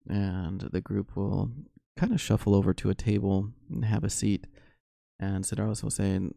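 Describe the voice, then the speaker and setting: A man narrating a solo tabletop game as game master, unhurried and full of fillers. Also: on the low side, gravelly, warm tone, no room sound.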